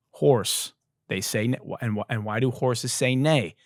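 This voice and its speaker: A man hosting a comedy podcast, riffing on wordplay in a profane, animated monologue, his voice a little hoarse. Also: medium pitch, dry recording, studio quality. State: slightly hoarse. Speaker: podcast host.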